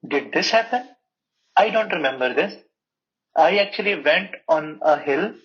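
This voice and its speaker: A man's voice: on the high side, lively intonation, unhurried. A man voicing a humble male monkey god who is puzzled and protesting, in a muffled recording.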